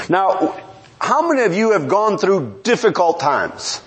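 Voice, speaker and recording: Animated male preacher with a high voice who questions his congregation and chuckles as he speaks. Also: unhurried, a little hiss or hum. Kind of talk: sermon.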